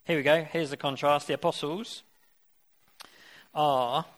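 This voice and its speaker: A man's voice: fairly high pitch, steady tone, a little slow, a bit bright. A man preaching a sermon. He reads scripture aloud and then puts questions directly to his listeners. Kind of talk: interactive sermon.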